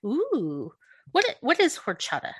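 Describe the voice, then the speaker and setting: A woman's voice: fairly high pitch, huge pitch swings, a little slow, slightly rough, dry recording, studio quality. A woman hosting a podcast in casual chat, chatty and laughing often. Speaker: podcast host.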